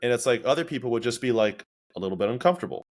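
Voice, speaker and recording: Talking rapid-fire in a mid-range voice, a podcast host reflects casually on his experiences. As he tells stories, he animatedly performs the inner voices in his head.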